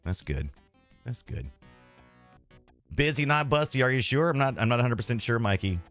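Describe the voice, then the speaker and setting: A man's voice: mid-range voice, very animated, normal speed, a bit bright, soft background music. A man streaming retro games, rambling casually and self-deprecatingly as he reads and answers his chat.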